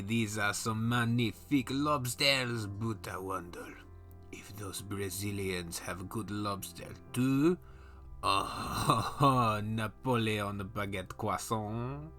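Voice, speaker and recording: A man's voice: fairly low pitch, takes it slowly, pushed and bright, faint music behind, voice pushed down. A man voicing a smug male French fisherman in a hammy mock-French voice with chuckling "oh ho ho"s.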